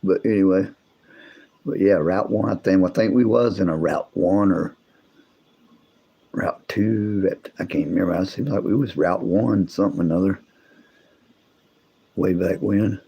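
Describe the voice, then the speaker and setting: A man's voice: deep voice, steady tone, measured pace, gravelly, long pauses, husky, dull audio. A man hosting a livestream, chatting casually with viewers in a rambling, drawling way. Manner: rambling, drawling, restarts sentences often. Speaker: livestream host. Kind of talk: casual chat with live chat viewers.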